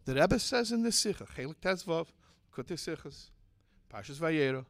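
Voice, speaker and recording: A man with a high, keen voice delivers a community sermon, dropping low for stories and building to forceful exhortation. The sound is close and dry, with no room around it. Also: animated, normal speed, no room sound. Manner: impassioned, swinging from hushed storytelling to forceful exhortation. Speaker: Torah teacher and speaker.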